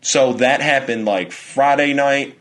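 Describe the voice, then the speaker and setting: A young man co-hosting a podcast at an ordinary pitch, talking loosely and swearing freely. He tells his stories with animated energy and tosses in plenty of fillers. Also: takes it slowly. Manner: animated storytelling, heavy swearing. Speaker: podcast co-host. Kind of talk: casual chat.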